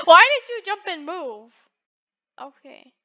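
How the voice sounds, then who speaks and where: Giggly high-voiced woman playing a game. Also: very animated, slow, bright, forceful tone, highs cut off. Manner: giggly, teasing, frequently laughing. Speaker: gaming video creator. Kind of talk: playful gameplay commentary.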